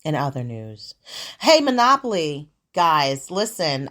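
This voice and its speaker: A woman hosting her own show, telling everyday stories in a sassy, profane, animated way. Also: mid-range voice, moderate pace. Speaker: podcast host. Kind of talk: casual storytelling monologue.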